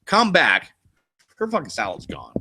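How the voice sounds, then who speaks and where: A man's voice: medium pitch, wildly swooping pitch, moderate pace, background noise. A man from California hosting a casual live stream, telling rambling stories and swearing a lot. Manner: rambling, laid-back storytelling with frequent swearing. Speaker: channel host. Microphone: desk mic.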